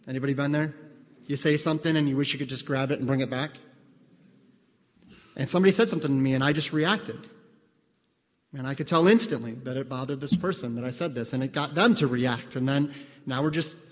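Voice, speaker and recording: A man's voice: medium pitch, big-room sound. A male pastor preaching in a conversational way, asking the congregation direct questions and acting out both sides of conversations. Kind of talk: sermon.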